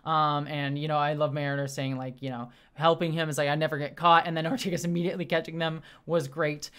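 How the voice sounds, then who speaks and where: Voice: medium pitch, little pitch movement, fast, fairly bright tone, smooth. A young adult host giving a casual solo episode review, gushing and restarting sentences often, with many fillers. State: briefly teary.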